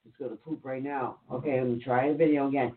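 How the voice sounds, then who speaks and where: A woman's voice: extremely low pitch, steady tone, fast. A woman co-host in a casual livestream chat, exasperated and fussing with her setup. The sound is thin and boxy, like a phone call. She talks in short, frustrated bursts. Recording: tinny phone-like audio.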